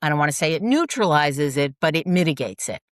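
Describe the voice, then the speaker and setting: A woman co-hosting a podcast, retelling an everyday story in a lively, animated way. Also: low-pitched, fast talker, no echo, studio quality. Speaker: podcast co-host. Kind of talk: casual chat.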